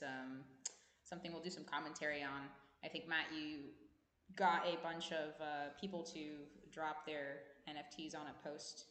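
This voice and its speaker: A woman's voice: low voice, fairly bright tone, slight background noise. A woman co-hosting a livestream community chat, bubbly, chatty and often giggling. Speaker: co-host.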